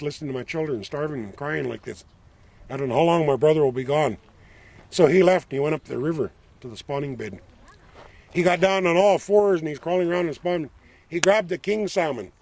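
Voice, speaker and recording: An older tribal elder tells a traditional legend outdoors by the shore, his words unhurried and plain. His voice sits slightly high for a man and carries a rough, gravelly texture. He speaks as a storyteller from the Lummi Nation. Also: darkish tone. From Lummi Nation, Pacific Northwest. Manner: unhurried, plain-spoken folk telling. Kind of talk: oral legend telling.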